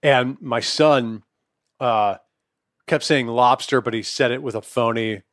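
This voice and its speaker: A man's voice: mid-range voice, a little slow, no echo, studio quality. A middle-aged man co-hosting a podcast, chatting loosely and profanely with frequent laughs. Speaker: podcast co-host. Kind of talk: casual chat.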